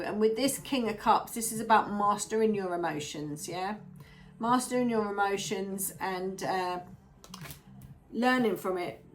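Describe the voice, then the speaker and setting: A woman giving a chatty, animated tarot reading, often checking in with the listener. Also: mid-range voice. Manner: chatty, animated, keeps asking "yeah?". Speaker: tarot reader.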